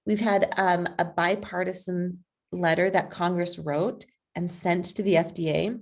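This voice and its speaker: A woman speaking as a guest on a video call, persuasive and energetic, with frequent fillers. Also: fairly low pitch, unhurried. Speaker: guest speaker, advocacy group president. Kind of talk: conversational online talk.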